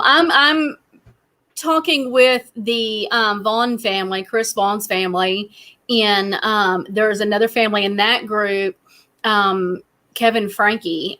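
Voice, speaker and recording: A woman hosting a casual podcast chat, talking fast and laughing often. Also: a little high, sharp tone. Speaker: podcast host.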